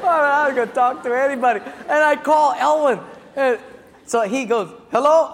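A man preaching as a pastor, telling a lively story with acted-out voices before turning to his sermon. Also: very high voice, moderate pace, slight background noise. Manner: animated storytelling with acted-out quotes and laughter. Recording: long hall reverb with faint ambience.

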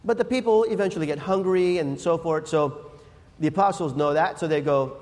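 A man preaching a sermon, telling Bible stories in a lively, conversational way and acting out the people in them. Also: on the high side, normal speed. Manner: animated storyteller acting out Bible scenes. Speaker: pastor. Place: church. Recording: reverberant church hall.

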